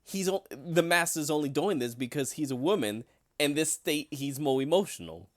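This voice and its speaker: A man chatting casually about a favorite show, his voice sitting fairly high for a man and swinging widely in pitch. He keeps pausing on fillers and restarting his sentences as he works through a thought. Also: animated. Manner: hesitant, many fillers and restarts. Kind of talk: casual fan discussion.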